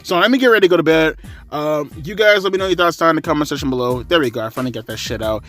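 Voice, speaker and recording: A man's voice: on the high side, rapid-fire, a bit bright. A man giving a blunt, rambling spoken review, a bit tired and short of breath. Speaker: wrestling commentary vlogger.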